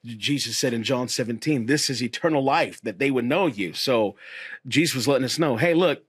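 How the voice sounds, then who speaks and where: A man, a pastor and host, talking earnestly and encouragingly about faith in a relaxed conversation. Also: mid-range voice, moderate pace, slightly rough, dry recording. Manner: earnest, encouraging, repeats phrases.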